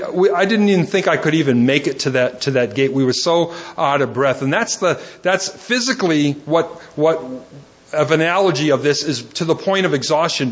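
A man's voice: a little high, a bit bright. Earnest man preaching, dull lo-fi recording. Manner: earnest, repeats words, goes off notes with examples. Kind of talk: sermon.

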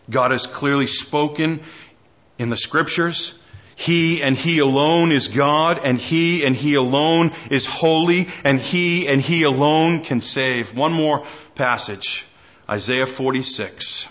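A man with a high voice preaching a sermon, his delivery climbing into loud declarations and then dropping low and quiet. The recording sounds dull and lo-fi. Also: a little slow. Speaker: pastor.

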